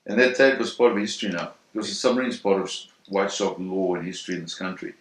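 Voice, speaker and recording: A man in an interview telling a first-hand story in a vivid, animated way, acting out the sounds and voices. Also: low-pitched, fast. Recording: roomy echo.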